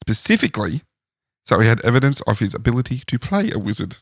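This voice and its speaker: A man with a middle-pitched voice leads a casual podcast chat, relaying facts in a relaxed tone. The sound is dry and close, with no room echo. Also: fast talker. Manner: relaxed retelling of researched facts. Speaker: podcast host.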